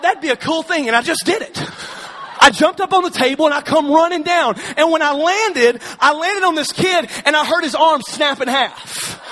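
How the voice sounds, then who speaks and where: High, bright-voiced energetic man from Alabama. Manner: energetic, shouting, quick crowd questions. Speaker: speaker on stage. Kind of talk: testimony with humor to a live audience.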